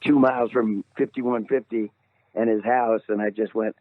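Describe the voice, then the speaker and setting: An older man, a singer calling in as a guest, telling a story in an animated way, laughing often and jumping up high when he quotes himself. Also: moderate pace, no room sound. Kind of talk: casual phone interview storytelling. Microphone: phone call. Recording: tinny phone line, dry.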